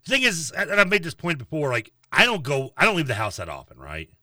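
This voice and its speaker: A man co-hosting a sports talk show, griping with sarcastic exasperation. His voice is very bright and swings widely in pitch. He sits a bit back from the mic in a dry room. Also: huge pitch swings, fast talker, no room sound, far from the mic. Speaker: sports radio co-host.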